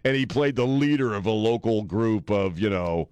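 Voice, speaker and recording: A man's voice: fairly low pitch, animated, normal speed, a little mellow, smooth, no echo. A man hosting a talk radio show, blunt and joking, laughing often as he chats in a studio. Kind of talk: casual radio banter. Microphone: studio microphone.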